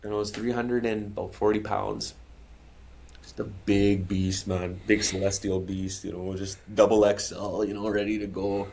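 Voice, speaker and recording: A man's voice: on the low side, little pitch movement, normal speed, creaky, darkish tone, a little hiss or hum. A man guest on a podcast, telling his story in a candid, heartfelt, casual way and calling the host bro and man. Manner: calls the listener bro and man constantly. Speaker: podcast guest, musician and speaker.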